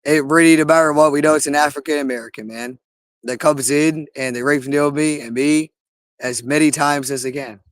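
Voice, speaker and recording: A man's voice: fairly high pitch, steady tone, a little fast, smooth, dry recording. A man in an agitated, rambling monologue, cursing often and repeating himself. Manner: agitated, profane, repetitive.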